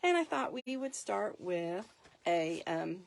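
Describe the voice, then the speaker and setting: A woman's voice: lowish voice, sing-song, takes it slowly, vocal fry. A middle-aged woman hosting a live paper craft demonstration, chatty, laughing often and correcting herself mid-sentence.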